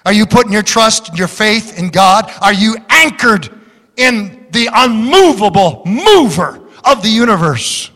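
A man preaching a fiery sermon as pastor, building to shouts. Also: sits high, big pitch swings, a little slow. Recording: large hall reverb.

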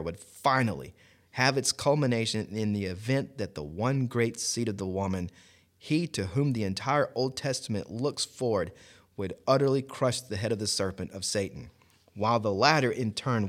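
A man in a casual Bible discussion podcast who laughs often and, when reading a long commentary aloud, reads it deliberately. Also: lowish voice.

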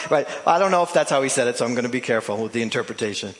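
Preaching man in a reverberant church. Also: medium pitch. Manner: animated preaching, swings between loud emphasis and soft drawn-out phrases; playful asides to the congregation. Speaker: pastor. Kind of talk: sermon. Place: church sanctuary. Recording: long hall reverb from a church.

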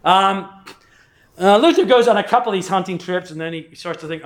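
Man from England, middle-aged, higher-pitched voice, casual lecturer, rambling with chuckles. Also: fairly quick. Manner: rambling, chuckling asides, acts out quotes.

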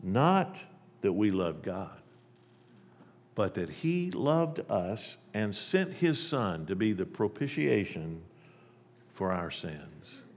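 A male preacher giving an emphatic sermon, telling a parable and shifting between loud and soft delivery. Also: fairly low pitch, big pitch swings, slow pace, big-room sound.

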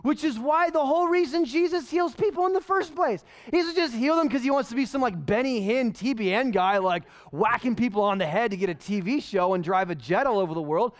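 A male pastor preaching a sermon in an animated, conversational way full of rhetorical questions. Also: extremely high pitch, a little fast, hardly any pauses.

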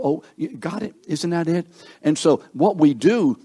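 Husky-voiced man preaching conversationally. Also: fairly high pitch, lively intonation, a little slow, dark tone. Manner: conversational, asks the listeners questions, acts out quoted thoughts. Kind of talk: sermon.

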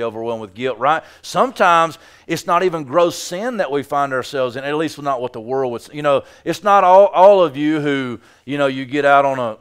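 A man preaching a sermon in a conversational, joking way, with sudden loud bursts. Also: medium pitch, clean tone. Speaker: pastor.

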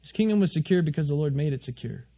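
A man with a high voice preaches a lively sermon from a church stage, often turning questions back to his congregation. The recording is a little muffled and lo-fi. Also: quick pace. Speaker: pastor.

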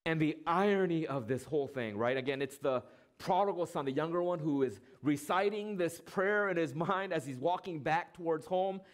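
High-voiced preaching man. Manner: rhetorical questions, dramatic pauses, acts out quoted lines. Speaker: pastor. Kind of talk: sermon.

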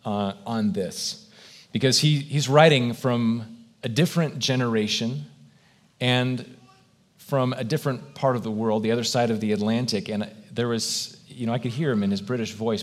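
In a church, a male pastor preaches a sermon in a lowish voice, earnest and reflective, posing question after question to his congregation.

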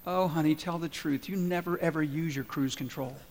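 Blunt tattling wife voiced by a male preacher; flat, matter-of-fact, long reverb. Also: fairly high pitch, fairly quick, slight background noise, natural voice.

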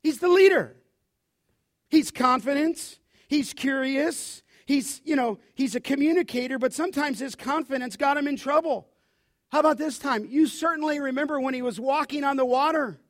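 A man preaching a sermon as pastor, animated, often asking his listeners to finish his sentences. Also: very high-pitched, moderate pace, no room sound, clean studio sound. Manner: animated preaching, asks the congregation to fill in words.

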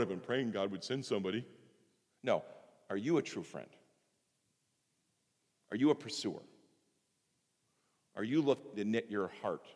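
A man pastor preaching a sermon, swinging from loud emphatic exhortation to hushed, intimate tones. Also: mid-range voice. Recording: hall reverb.

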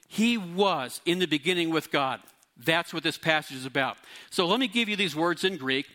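Middle-aged male pastor, bright slightly high voice, teaching sermon. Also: moderate pace. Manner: teaching, explains Greek words, lively emphasis.

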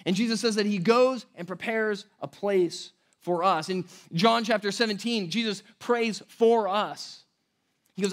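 Male pastor, high-pitched, relaxed conversational preaching with light laughs and restarts. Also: unhurried. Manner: conversational, laughing asides, repeats words. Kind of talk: sermon.

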